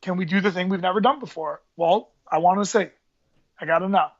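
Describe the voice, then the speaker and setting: A man's voice: high-pitched, a little fast, lo-fi sound. A man, an MMA fighter and coach telling stories in a casual podcast interview, rambling and using street slang. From New York area. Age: 30s.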